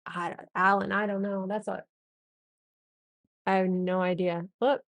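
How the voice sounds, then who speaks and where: A chatty woman artist chats with her stream audience between drawing strokes, loose and jokey as she reads viewers' names. Her voice sits at an ordinary middle pitch. The sound is close and dry. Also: little pitch movement, a little slow, no room sound. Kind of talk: casual live-stream chat while drawing.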